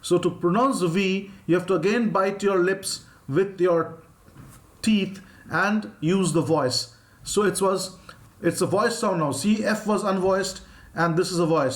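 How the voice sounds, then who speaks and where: A man's voice: sits high, normal speed, roomy sound. A man with an Indian English accent teaching an online phonetics lesson, patiently modelling sounds for students to repeat.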